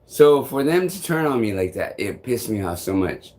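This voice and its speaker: A man with a fairly low voice tells a story straight to the camera. His delivery is rambling and full of cursing, with a frustrated edge throughout. It sounds like casual vlog talk. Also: big pitch swings, normal speed, darkish tone. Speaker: vlogger.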